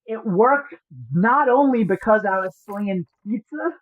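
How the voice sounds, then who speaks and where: A woman's voice: fairly high pitch, expressive, measured pace, no room sound. A woman streaming poker online, explaining her hands in a joking and profane way. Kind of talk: livestream commentary. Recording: dry, slightly dull lo-fi audio.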